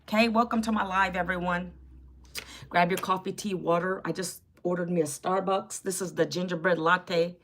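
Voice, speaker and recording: A woman in her fifties hosts a casual live stream on her phone mic, chatty and sassy as she greets viewers by name and answers the chat. Her voice is fairly low and a bit bright, with fairly even intonation at a normal speed, over slight background noise.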